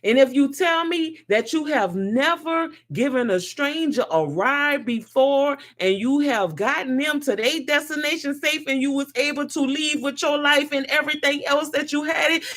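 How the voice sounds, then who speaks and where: A woman speaks her mind on faith to a live audience. She talks like a preacher, rising to loud conviction and dropping to a soft, heavy tone. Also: high-pitched, measured pace, hardly any pauses. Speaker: host. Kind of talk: spiritual monologue to a live audience.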